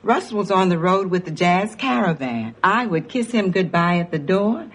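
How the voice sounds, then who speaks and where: An older woman plays a grandmother in a sitcom and tells her story wryly. Her voice is husky. It rises and falls a lot. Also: lowish voice, animated, normal speed. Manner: wry, storytelling.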